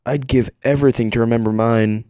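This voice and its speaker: A man voicing a calm, reassuring young male spirit in a comedic fan dub, close to his own voice. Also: medium pitch, fairly quick, smooth, no room sound, lightly acted. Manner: calm, reassuring, matter-of-fact.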